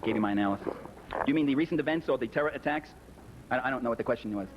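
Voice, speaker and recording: Fast-talking man giving an animated speech. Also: medium pitch. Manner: animated storytelling, emphatic. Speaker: lecturer. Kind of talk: public speech with questions. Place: lecture hall. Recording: dull lo-fi recording with faint hiss.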